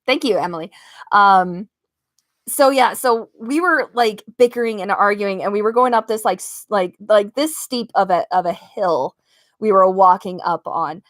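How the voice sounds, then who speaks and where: A woman's voice: mid-range voice, dry recording. Young american woman livestreaming from her bedroom, telling a story, laughing a lot, plays out what everyone said, dry close mic. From United States (Las Vegas). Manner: lively, laughs often, acts out quoted lines. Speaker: live-stream host. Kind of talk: casual storytelling to a live chat. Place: home bedroom. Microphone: own microphone at desk.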